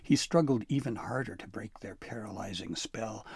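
A man's voice: lowish voice, moderate pace, gravelly, few pauses, a little mellow, slightly rough, dry recording, studio quality. A man narrating a storybook expressively, dropping to a whisper for tense moments.

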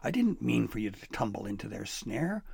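A man's voice: lowish voice, sing-song, moderate pace, creaky, darkish tone, slightly rough, no echo, exaggerated voice. A man voicing a small, frightened male elf who frets, scolds and pleads in a fussy, hissing way. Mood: frantic pleading.

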